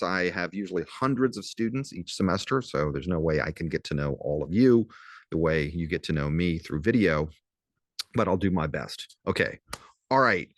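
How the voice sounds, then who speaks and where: A professor in his fifties from southern Louisiana, with a low voice and a slight Southern US accent, gives his students a casual recorded lecture. Chatty and wry, he slows way down to spell out words, and the sound is dry and close.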